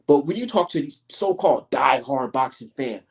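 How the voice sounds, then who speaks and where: A young man hosting a casual livestream, telling stories in an emphatic, profane, animated way. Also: medium pitch, normal speed, creaky, husky. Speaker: livestream host.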